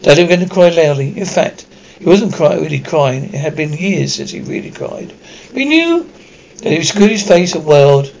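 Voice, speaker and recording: A man's voice: on the high side, lively intonation, normal speed, gravelly, darkish tone, rough recording. A man narrating an audiobook chapter, stumbling often and correcting himself mid-word. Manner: stumbling, frequent self-corrections. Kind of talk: audiobook reading.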